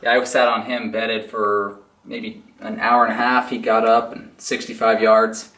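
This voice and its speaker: A man's voice: fairly low pitch, little pitch movement, unhurried, sharp tone. Laid-back man telling hunting stories in a roomy space. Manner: laid-back storyteller, laughs often, fillers like "you know what I mean". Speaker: hunter being interviewed. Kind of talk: casual chat. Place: indoors in a room with mounted deer.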